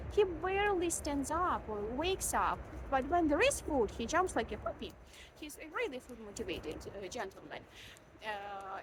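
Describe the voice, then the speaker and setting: A high-voiced woman talks in a tired, sleep-deprived way, chatting candidly to her viewers with plenty of fillers and repeated words. Her home recording carries a clear layer of background noise. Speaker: vlogger, mother of a baby. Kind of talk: casual vlog chat.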